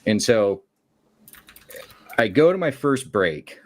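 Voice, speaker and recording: A man's voice: lowish voice, slow pace. A man calling in to a late-night show, casually telling a long work story and acting out the quotes. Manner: animated, acts out quotes with shifting voices. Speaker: caller.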